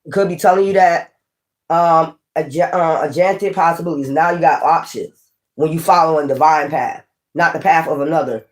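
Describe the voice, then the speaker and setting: A woman's voice: low voice, normal speed. A woman giving a casual spiritual tarot reading, blunt, profane and preachy, rambling with frequent restarts. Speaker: tarot reader.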